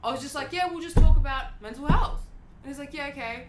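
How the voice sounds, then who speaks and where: A woman hosting a podcast, telling a story in an animated, casual way and swearing freely. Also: high voice, fast talker, echoey room, heavy background noise. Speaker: podcast host.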